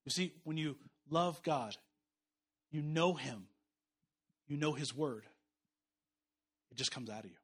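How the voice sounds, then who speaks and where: A man in his thirties, a pastor preaching a sermon, swinging between loud emphatic declarations and soft, quiet storytelling. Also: on the high side, animated, slow pace, pauses often, breathy edge.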